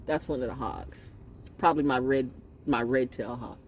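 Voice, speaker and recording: A man telling a rambling spiritual story outdoors, confrontational and animated, with laughing asides. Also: mid-range voice, normal speed, background noise. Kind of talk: rambling casual monologue.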